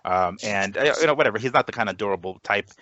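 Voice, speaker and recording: A man co-hosting a boxing podcast, talking casually and haltingly with many fillers. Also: on the low side, animated, pushed and bright, lo-fi sound, a little hiss or hum. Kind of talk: casual sports talk.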